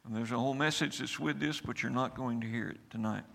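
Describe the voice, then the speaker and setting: A man's voice: mid-range voice, quick pace, gravelly, few pauses, fairly bright tone. A man preaching a sermon in a church, earnest and emphatic, building in volume as he goes. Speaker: pastor leading prison ministry. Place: church sanctuary. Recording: long hall reverb.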